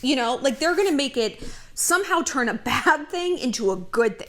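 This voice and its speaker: Woman, advice vlogger, blunt, animated, higher voice, very lively pitch. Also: normal speed. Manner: animated, blunt, acts out dialogue. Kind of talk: casual advice monologue.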